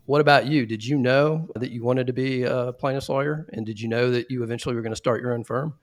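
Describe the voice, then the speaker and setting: A man's voice: mid-range voice, fairly even intonation, fast talker. A man hosting an interview, asking curious follow-up questions and sounding openly amazed. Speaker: interview host. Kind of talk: casual interview conversation.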